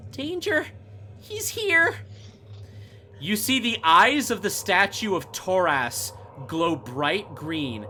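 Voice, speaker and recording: A man narrating as game master for a tabletop game, describing scenes slowly and correcting himself now and then. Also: fairly high pitch, pushed and bright, a little hiss or hum. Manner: slow, descriptive, with small self-corrections.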